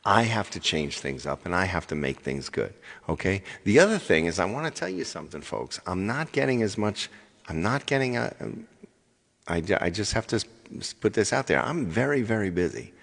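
A man's voice: low-pitched, big pitch swings, normal speed, creaky, a bit bright, big-room sound. A middle-aged man hosting his own live music show, talking casually and repetitively straight to his viewers. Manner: rambling, repeats himself, addresses folks directly. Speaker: live-stream music show host and singer.

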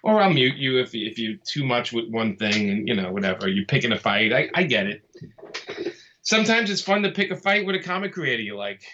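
A man's voice: medium pitch, lively intonation, brisk, sharp tone, highs cut off, a little hiss or hum. A man from Brooklyn, talking casually and easygoingly as an interview guest, often laughing as he speaks. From Brooklyn, New York. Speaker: comic artist guest.

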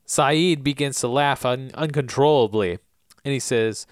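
A man co-hosting a casual podcast and recapping an episode. He often drops into a low, hushed voice to read out quotes and laughs a lot. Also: unhurried, clean tone, no room sound, studio quality. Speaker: podcast co-host.

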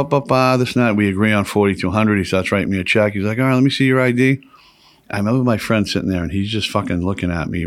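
A fairly low-voiced man, telling a rambling, profane story in casual talk. The recording is dry and close, with little room sound. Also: a bit bright, no echo. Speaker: podcast guest.

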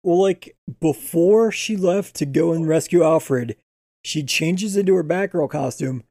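A man with a somewhat high, gravelly voice talks through a TV episode in a loose, crude way, laughing often. His tone is dark and mellow, and the sound is close and dry. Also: unhurried, no echo. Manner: laid-back, crude, laughing. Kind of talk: casual chat reviewing a TV episode.

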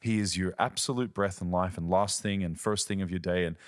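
A man's voice: low-pitched, steady tone, a little fast, no echo, studio quality. A man, a ministry leader and podcast guest, teaching earnestly in conversation and telling stories. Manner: earnest, storytelling, uses quoted voices.

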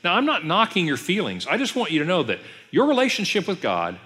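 A man, a pastor, giving an emphatic, conversational Bible teaching with pauses. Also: sits high, huge pitch swings, bright, forceful tone. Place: church sanctuary. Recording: long reverb of a church hall.

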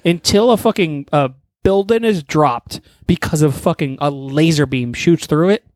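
A man's voice: a little high, normal speed, a little mellow, dry recording, studio quality. A man co-hosting a casual podcast, arguing stubbornly and swearing a lot. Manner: stubborn, profane, argumentative banter. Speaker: podcast co-host. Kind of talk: casual chat.

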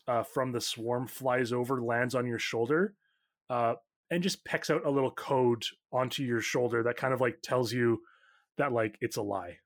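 Male game master, unhurried, lots of "uh" and "um", dead-dry mic. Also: mid-range voice, no room sound. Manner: relaxed, halting narration with many fillers. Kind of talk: narrating a tabletop game.

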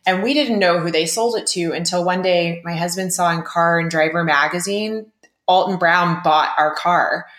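A woman co-host of a baking podcast chats casually in a slightly low voice. She sounds excited and laughs easily, with plenty of "like". The recording is echoey, as if made in a bare room. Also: moderate pace. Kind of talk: casual chat.

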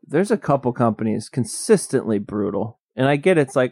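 Brief: young male podcast co-host, gravelly low-mid voice, rambling jokey delivery, dry close mic. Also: big pitch swings, moderate pace, darkish tone, no echo. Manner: rambling, jokey, laughs a lot. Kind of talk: casual comedic chat.

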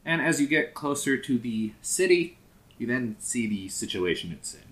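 A man's voice: medium pitch, expressive, normal speed, a bit bright. A man narrating as game master of a sci-fi tabletop game, casual and swearing freely, often laughing.

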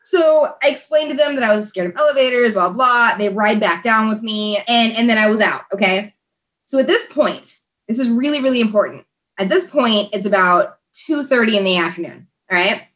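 A woman, a guest in a conversation, tells a story in a lively, chatty manner with many fillers. Her voice sits a little higher than most. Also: brisk. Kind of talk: casual storytelling.

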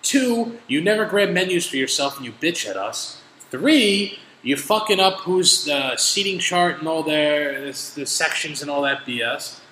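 A man hosting a casual podcast, telling stories in animated, profane rants with an exasperated edge. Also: fairly high pitch, measured pace. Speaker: podcast host. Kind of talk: casual chat, storytelling. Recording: echoey room with faint noise.

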